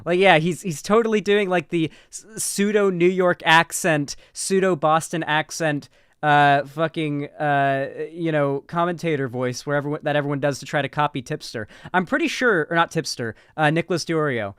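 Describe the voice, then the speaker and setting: A man's voice: a little high, normal speed, a bit bright, smooth, dry recording, studio quality. A man doing casual commentary, sarcastic and rambling, with frequent swearing. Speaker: political commentary streamer.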